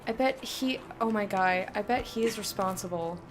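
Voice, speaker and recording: A chatty woman streams a video game, reacting out loud and chatting with her viewers. Her voice sits mid-range, with a faint hiss in the background. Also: mid-range voice, normal speed. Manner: chatty and reactive, talks to chat, laughs often. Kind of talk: casual live commentary.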